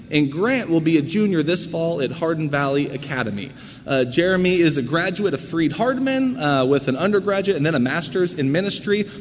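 A man leading a church service, making announcements and introducing the guest preacher in a friendly, halting way with frequent fillers. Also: on the high side, slight background noise. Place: church sanctuary. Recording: church hall reverb with faint ambience.

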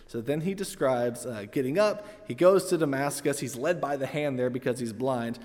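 A man's voice: mid-range voice, normal speed, a little mellow, big-room sound. A man teaching a Bible passage in a conversational sermon, explaining as he goes with frequent ums and uhs. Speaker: preacher. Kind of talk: expository sermon.

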